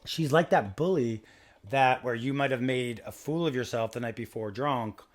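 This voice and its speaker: A man hosting a podcast, chatting in a rambling, animated, gossipy way. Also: medium pitch, moderate pace, roomy sound. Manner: rambling, animated, full of impressions. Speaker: podcast host. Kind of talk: gossipy casual chat.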